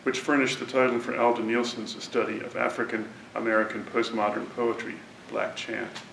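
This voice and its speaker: A man delivers a measured, deliberate academic introduction in a university lecture hall. He sits back from the microphone, and the room's echo hangs around his words. A faint rumble runs underneath. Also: flat delivery, creaky, fairly bright tone, far from the mic. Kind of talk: prepared literary introduction.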